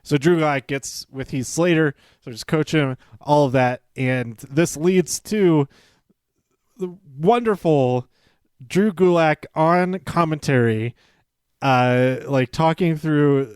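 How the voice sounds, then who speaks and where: A man's voice: medium pitch, a little mellow, clean tone, no room sound, clean studio sound. A male podcast host chatting casually through a show recap, chuckling and stumbling over his words as he goes. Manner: chatty, self-interrupting, chuckles often; acts out quoted lines in livelier voices.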